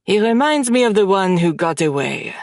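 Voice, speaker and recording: A woman reading an audiobook voices a suave, sardonic French male friend, pitched lower than her own voice. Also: very animated, moderate pace, vocal fry, no echo, studio quality, exaggerated voice. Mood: teasing. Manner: playful, sardonic.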